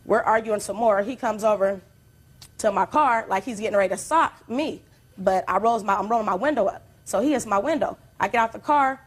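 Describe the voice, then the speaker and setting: Testifying plainly before a judge, a woman plaintiff gives a lengthy, rambling, animated account stacked with detail. Her mid-range voice is fairly quick and slightly rough.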